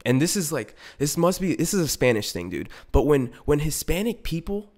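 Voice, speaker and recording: A man hosting a podcast, telling a story in a profane, animated casual rant with frequent restarts and asides. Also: fairly high pitch, normal speed. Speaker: podcast host.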